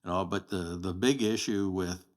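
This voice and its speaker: A man's voice: low voice, fairly even intonation, moderate pace. A man in his sixties, a podcast guest, telling blunt, plain-spoken stories from a long career in casual conversation. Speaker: podcast guest, sheriff candidate. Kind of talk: casual storytelling interview.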